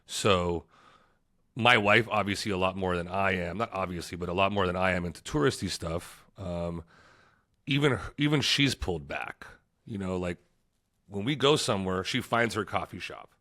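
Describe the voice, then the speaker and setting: A laid-back man chats as a podcast guest, his lowish voice bright and forward. He tells travel stories loosely, laughing often and throwing in "dude.". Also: animated, normal speed. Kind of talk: casual podcast interview.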